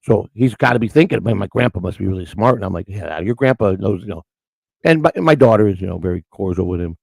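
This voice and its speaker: Gravelly older man rambling fast. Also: lowish voice, expressive, no room sound. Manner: rambling storyteller with many restarts. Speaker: morning show host. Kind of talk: casual rambling chat.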